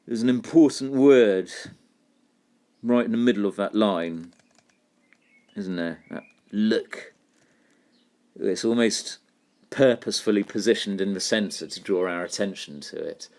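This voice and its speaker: A man's voice: fairly low pitch, darkish tone. A man teaching a poetry lesson, thinking aloud and putting questions to his students. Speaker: English literature teacher.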